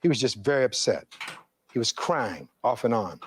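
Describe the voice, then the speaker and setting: A man's voice: mid-range voice, animated, moderate pace, slight background noise. A middle-aged man, a defense attorney giving a courtroom closing argument, reading testimony aloud and posing rhetorical questions in an oratorical way.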